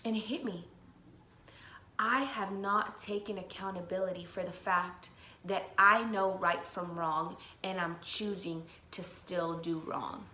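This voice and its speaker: A woman's voice: on the low side, fairly even intonation, measured pace, bright, forceful tone. A young woman hosting a podcast, telling a personal story to listeners with candid, emotional talk and frequent swearing. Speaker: podcast host. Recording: echoey room with faint noise.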